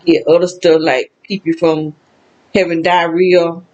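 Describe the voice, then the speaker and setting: A woman's voice: lowish voice, level tone, a little slow, darkish tone, dull audio. An older woman with a Southern US accent talking alone to the camera in a rambling, emotional way, feeling sad. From American South. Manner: rambling, emotional, with frequent laughs and exclamations. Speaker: vlogger. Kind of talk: casual personal monologue.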